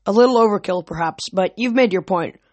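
A reader voicing a grave, measured old centaur teacher. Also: mid-range voice, no echo, close to an everyday voice.

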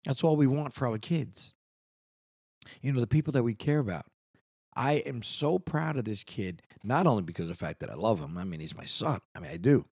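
A man's voice: medium pitch, animated, brisk, darkish tone, breathy edge, no room sound, clean studio sound. A middle-aged man hosting his own podcast, talking in a rambling, earnest way with many restarts. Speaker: podcast host. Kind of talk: casual solo podcast monologue. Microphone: studio microphone.

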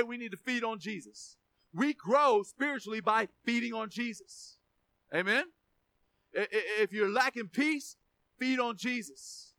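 High-voiced preacher, bright and dry. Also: male voice, dry recording. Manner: emphatic, repeats words, asks congregation for amens. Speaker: pastor. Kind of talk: sermon.

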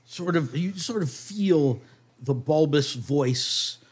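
A man's voice: on the high side, slow, husky. A young man running a tabletop game as game master, talking loosely with many fillers and restarts. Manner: relaxed, hesitant, many fillers.

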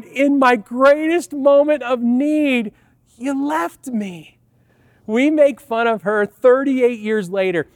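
A man in his fifties delivers a sermon as a pastor, telling a personal story in a chatty, conversational way. His voice sits very high for a man. The sound is dry and close, with no room echo. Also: smooth. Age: 50s. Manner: storytelling, conversational, addresses audience as "you guys".

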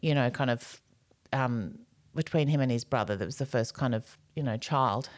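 A woman's voice: very deep voice, normal speed. A middle-aged woman co-hosting a podcast, telling rambling anecdotes in casual chat and acting out voices. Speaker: podcast co-host.

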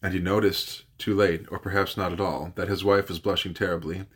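Low husky man reading a novel aloud. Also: level tone, a bit bright. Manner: measured, with occasional slips and corrections. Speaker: guest reader. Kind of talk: audiobook narration.

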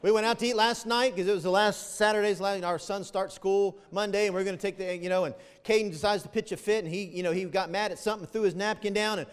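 A middle-aged man preaches in a church sanctuary, his fairly high voice carrying a long reverb through the hall. He tells stories with animated energy, building to loud emphatic peaks before dropping low and quiet. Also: quick pace, hardly any pauses, clear, resonant tone. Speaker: pastor. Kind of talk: sermon.

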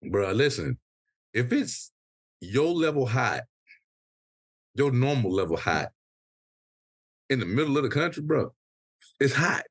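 A man co-hosting a casual podcast chat, venting with a profane, animated story full of quoted back-and-forth. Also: mid-range voice, unhurried, pauses often, breathy edge, dry recording, clean studio sound. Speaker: podcast co-host.

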